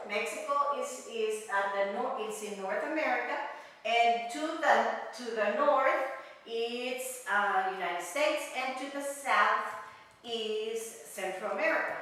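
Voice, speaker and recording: High-voiced teacher in an echoey room. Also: female voice, a bit bright, a little hiss or hum. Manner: patient, repeats phrases and restarts to explain. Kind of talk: casual history lesson for learners. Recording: echoey room, far from the mic.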